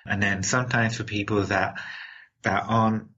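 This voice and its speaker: A man's voice: on the low side, steady tone, normal speed, sharp tone, dull audio, slight background noise. A man from England with an accent between London and American, answering interview questions in an upbeat way, laughing often and repeating words as he goes. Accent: mixed London and American. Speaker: interview guest.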